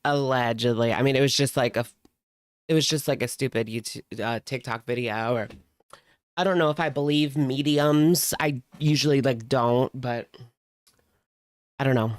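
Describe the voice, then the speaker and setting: A woman's voice: extremely low pitch, normal speed, dry recording. A woman hosting casual reaction commentary, chatty and sarcastic, leaning on "like" as she talks close to the mic at home. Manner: sarcastic, chatty, heavy use of "like". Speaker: commentary host.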